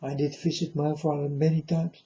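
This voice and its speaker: A man's voice: fairly high pitch, little pitch movement, normal speed, mellow, highs cut off. A man speaking as a self-styled prophet in a rambling monologue to his viewers. He is solemn and repetitive and keeps addressing them as folks.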